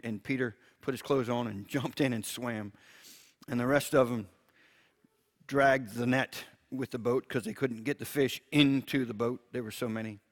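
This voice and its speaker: Male preacher with a mid-range voice, gentle, reads scripture aloud and laughs softly. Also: mid-range voice. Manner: gentle, chuckles often, repeats words when restarting. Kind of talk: Bible teaching, reading scripture aloud.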